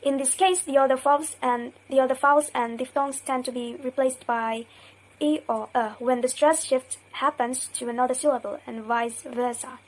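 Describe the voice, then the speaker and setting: Young woman, student presenter, high voice, hesitant, repeats example words. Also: steady tone, normal speed, rough recording. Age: young adult. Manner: hesitant, self-correcting. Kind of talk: recorded class presentation.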